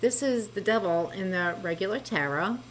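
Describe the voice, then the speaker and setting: A woman giving a spoken tarot reading, gentle and reassuring, talking to the listener about cards and spiritual healing. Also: mid-range voice, animated, normal speed, a little hiss or hum, rough recording. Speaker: tarot reader.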